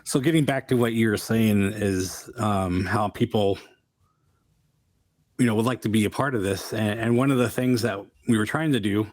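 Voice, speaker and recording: A man's voice: on the low side, normal speed, darkish tone, dry recording. A man hosting a small channel, chatting easily with plenty of fillers. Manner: easygoing, filler-heavy. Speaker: channel host. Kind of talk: casual chat.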